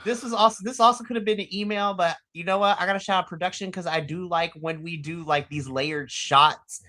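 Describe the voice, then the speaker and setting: A man co-hosting a wrestling podcast in casual chat, animated and laughing often, acting out his own reactions. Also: sits high, fairly quick. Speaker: podcast co-host.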